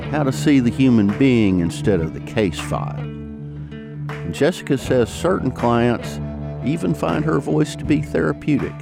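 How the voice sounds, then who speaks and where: A man narrating a radio story, reading a script in a conversational tone. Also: vocal fry. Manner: conversational, expressive pitch. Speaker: radio reporter, host.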